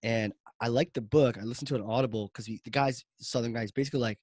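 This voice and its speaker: A man's voice: medium pitch, fast, few pauses, no room sound. Rambling male podcast host, dry mic. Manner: rambling, animated, many "like" fillers. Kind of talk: casual storytelling chat.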